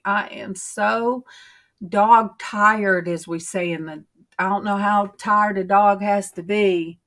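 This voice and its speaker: Middle-aged woman hosting a livestream, unhurried, homey, rambling chat. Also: mid-range voice, a bit bright. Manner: rambling, homey, drawn-out storytelling. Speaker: livestream host. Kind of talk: casual chat to viewers.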